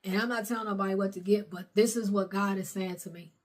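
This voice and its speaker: A woman's voice: medium pitch, steady tone, fast talker. Lady preaching hard, says things over and over, plain middle voice. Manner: fervent, repetitive preaching with dropped grammar. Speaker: prophetess preaching. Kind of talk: sermon.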